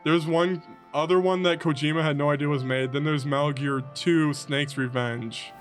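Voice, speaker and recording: Young male podcast co-host, higher voice, animated storyteller, light music bed. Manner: animated storytelling, acts out game characters in quick asides. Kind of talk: casual chat.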